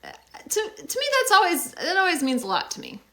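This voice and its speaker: A woman's voice: very high-pitched, big pitch swings, a little fast, sharp tone. A young woman hosting a casual livestream on her phone, chatty and upbeat as she thanks viewers, with many fillers. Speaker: livestream host.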